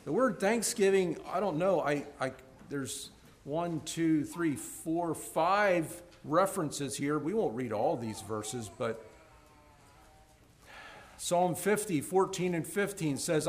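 Taking it slowly, a man preaches to a congregation with lively intonation. He alternates forceful, loud highs with quiet, soft sections and frequently repeats words when starting over.

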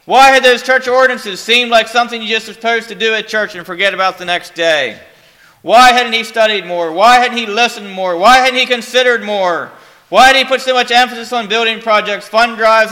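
Bright, high-voiced preacher. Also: male voice, a little fast. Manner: dramatic, emphatic storytelling. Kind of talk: sermon.

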